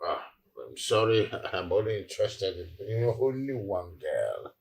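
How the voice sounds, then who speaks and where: A man's voice: lowish voice, big pitch swings, unhurried, a little mellow, slight background noise. An actor playing a boastful, flirtatious middle-aged man who chuckles and teases as he talks.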